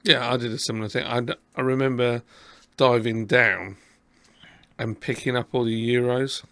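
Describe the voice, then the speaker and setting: A southern English man chatting loosely on a podcast, rambling and poking fun at himself. His voice is gravelly with a mid pitch, and it sounds dry and close to the mic. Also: steady tone, normal speed, pushed and bright, no room sound. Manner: chatty, rambling, self-deprecating. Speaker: podcast host. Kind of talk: casual chat.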